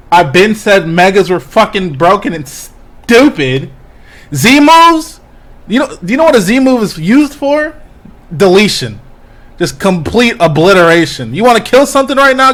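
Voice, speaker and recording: A man co-hosting a casual podcast, brash and profane in his trash talk. His voice sits a little high and swings widely in pitch as he rants. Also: fairly bright tone. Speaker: podcast co-host.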